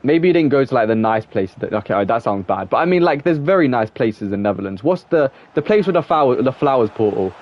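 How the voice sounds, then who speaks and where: A man's voice: mid-range voice, expressive, brisk, few pauses. A young man with an English accent chatting casually with viewers while playing a football game. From England. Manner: rambling, chatty, talks to viewers. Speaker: gaming streamer. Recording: slightly dull lo-fi mic with faint noise.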